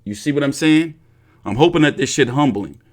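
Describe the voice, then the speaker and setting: A man's voice: medium pitch, lively intonation, brisk. A young man hosting a boxing commentary vlog, talking casually with lots of slang and profanity. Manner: profane, repetitive, street slang.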